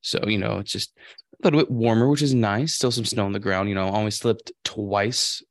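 A young man from California co-hosts a podcast, winding through long stories full of restarts and curse words. His voice is fairly low. The recording is dry and close. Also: fairly quick, no echo. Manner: rambling storyteller, heavy swearing. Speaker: podcast co-host. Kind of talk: casual podcast chat.

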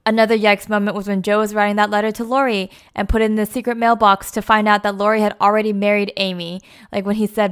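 Young woman, movie review vlogger, chatty and filler-heavy, smooth clear voice. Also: mid-range voice, little pitch movement, fairly quick, fairly bright tone. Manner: chatty, many fillers like "like" and "you know". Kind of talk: casual movie review vlog.

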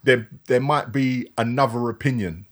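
A man's voice: medium pitch, moderate pace. A man co-hosting a podcast, chatting earnestly, repeating himself and checking the other host follows him. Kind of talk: casual chat.

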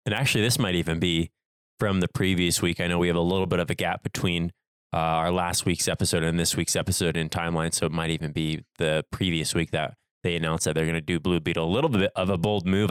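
A man with a deep, smooth voice co-hosts a casual podcast. He talks loosely and wanders into side tangents, restarting his sentences as he goes. His voice sits dry and close on the mic. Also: no room sound. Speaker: podcast co-host. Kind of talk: casual chat.

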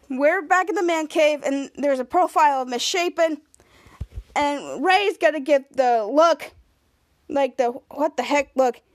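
High-voiced woman recapping a show. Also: no room sound. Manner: retells scenes with many "and he's like" quotes. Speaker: podcast host. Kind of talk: casual episode recap.

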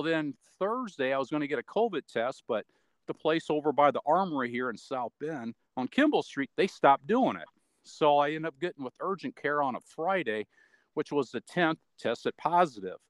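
A man's voice: a little high, no echo. A man gives a casual spoken account as an interview guest. His talk meanders and is full of fillers. The recording is dry, with no room sound around his voice. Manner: rambling, meandering delivery with many fillers.

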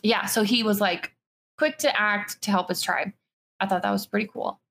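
A woman's voice: mid-range voice, moderate pace, gravelly, fairly bright tone. A woman on a casual podcast, chatty and teasing, with lots of "like.". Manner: chatty, teasing, uses "like" a lot. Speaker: podcast co-host.

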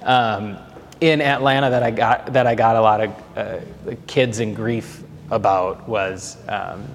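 A man's voice: lowish voice, fairly even intonation, unhurried. A young man with a Minnesotan accent, chatting casually as a podcast guest and rambling through restarts. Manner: rambling, with many restarts and fillers. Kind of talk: casual conversation. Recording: reverberant room with faint ambient noise.

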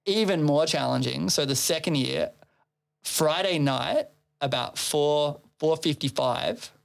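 A man's voice: on the high side, unhurried, gravelly. A man who organizes a festival, telling a long story in casual chat, swearing freely and laughing between phrases.

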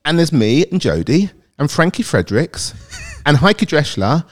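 A man's voice: a little high, very animated. A British man from Britain, a guest on a podcast, telling long rambling stories in casual chat and laughing easily. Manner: rambling storyteller, quick to laugh. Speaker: guest, athletics fan.

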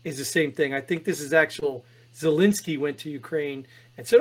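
A man co-hosting a podcast, talking through political headlines in an animated, exasperated way with many restarts. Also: a little high, normal speed, hardly any pauses. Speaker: podcast co-host reading headlines. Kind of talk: casual political chat.

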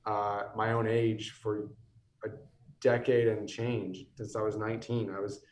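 A man's voice: lowish voice, little pitch movement, unhurried, darkish tone, reverberant, far from the mic. A man in his thirties, a guest on a podcast, talking casually and rambling with many restarts; he sounds tired and is losing his voice. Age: 30s. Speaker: whiskey company guest.

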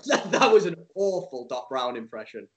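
A man's voice: medium pitch, very animated, normal speed. A man co-hosting a podcast in casual chat over a Skype call. He jokes, teases and laughs often. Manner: joking, teasing, laughs often. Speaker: podcast co-host.

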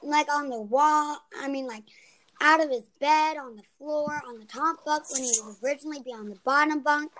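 A woman's voice: high-pitched, moderate pace, a bit bright, rough recording. A young woman co-hosting a casual podcast, easygoing and teasing, who stumbles a little as she retells a story. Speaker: podcast co-host.

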